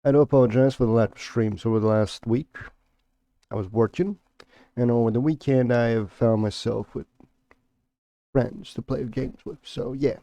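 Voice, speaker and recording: A man's voice: mid-range voice, steady tone, normal speed, long pauses, dark tone, no echo. A man streaming a video game, chatting casually to his viewers and rambling with fillers and restarts. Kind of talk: casual let's-play commentary.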